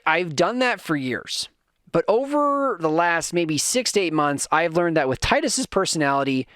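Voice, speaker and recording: Rambling, animated man ranting on a podcast. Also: fairly high pitch, no echo, clean studio sound. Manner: rambling, self-correcting storytelling; animated, acts out his kids' voices. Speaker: podcast host. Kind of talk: casual monologue rant.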